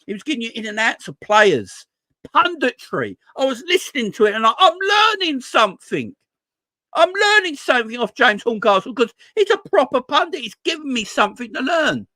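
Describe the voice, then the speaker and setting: A man's voice: extremely high pitch, sing-song, fairly quick, bright, forceful tone, dry recording. A man ranting casually about football as host of a fan channel, swearing and stumbling over his words when frustrated. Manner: exasperated, swears, repeats himself when frustrated.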